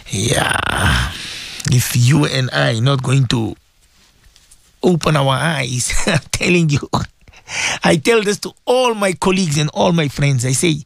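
A man's voice: on the high side, big pitch swings, a little slow, vocal fry, no echo. A man presenting a morning religious radio talk, fervently pleading with listeners and repeating his points. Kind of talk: emotional Islamic radio talk.

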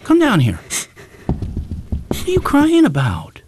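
An actor playing a cruel, controlling stepfather with a military manner in a radio drama. He barks commands and sneers, and background noise is clearly audible. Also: extremely high pitch, wildly swooping pitch, takes it slowly, exaggerated voice. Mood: menacing.

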